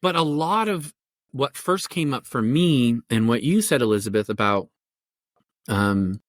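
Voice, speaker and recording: A middle-aged man who works as a family therapist talks through his ideas in a relaxed podcast interview. He wanders and restarts often. His voice has a medium pitch, and the sound is close and dry with no room echo. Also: unhurried. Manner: thoughtful, rambling, with many fillers and restarts. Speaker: family therapist and parenting coach.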